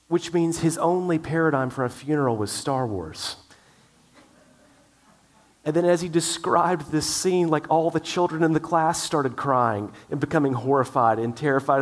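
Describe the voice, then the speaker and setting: A man's voice: on the high side, lively intonation, moderate pace. A middle-aged male pastor preaching a sermon in an earnest way, with frequent restarts.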